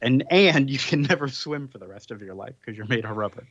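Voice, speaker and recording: A man's voice: medium pitch, animated, fairly quick, fairly bright tone, breathy edge, dry recording, muffled recording. A man hosting a podcast, casually recapping a comic's plot with frequent ums and little chuckles. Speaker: podcast host. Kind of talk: casual chat, summarizing a comic.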